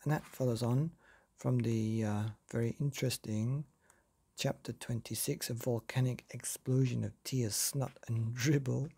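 A man hosting a bedtime story podcast, reading a children's chapter gently and playfully, with sound effects. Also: medium pitch, steady tone, measured pace, creaky, breathy edge.

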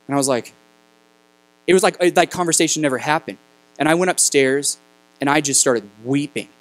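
A man in his thirties preaching as a guest speaker, telling a personal story in a halting, conversational way that turns emotional. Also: a little high, poor audio. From New Mexico. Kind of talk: storytelling sermon. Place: church sanctuary.

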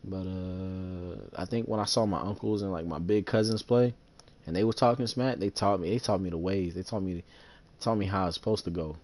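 A man's voice: moderate pace, darkish tone. A young man casually commentating while he plays a sports video game, boastful and full of slang, talking smack about his opponents. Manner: trash-talking, boastful, slangy, breaks into falsetto singing. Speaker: gaming streamer.

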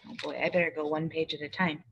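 A woman teacher reading a picture book aloud to young children, slow and expressive, with high hooting refrains and questions to her listeners. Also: slightly rough, highs cut off. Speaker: preschool teacher.

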